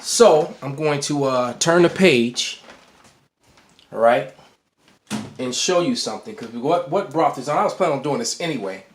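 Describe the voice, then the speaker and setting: A man gives a casual teaching to the camera at a middle pitch, restarting his words often and stopping to say "all right". The room gives his voice a clear echo. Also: animated, a little hiss or hum. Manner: halting, restarts words, frequent "all right" check-ins. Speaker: bible teacher. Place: indoor room. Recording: roomy echo.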